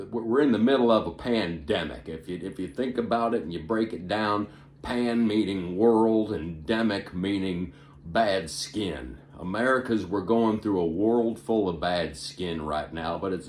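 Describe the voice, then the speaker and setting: A male comedian doing an impression of a rambling, forgetful elderly male politician, stumbling over repeated words with sudden loud bursts. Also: lowish voice, reverberant. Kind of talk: stand-up impression monologue.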